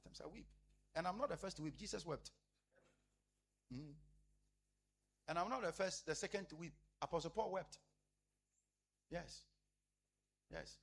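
A man preaching a sermon as a pastor, repeating phrases emphatically and swinging between loud declarations and hushed asides. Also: fairly high pitch, animated, normal speed, vocal fry, pauses often, slightly rough.

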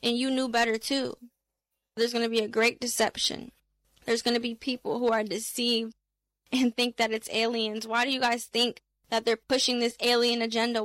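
A woman's voice: on the high side, a bit bright, no echo. A young woman, emotionally recounting a dream and urgently preaching. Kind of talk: testimony of a dream, preaching to camera.

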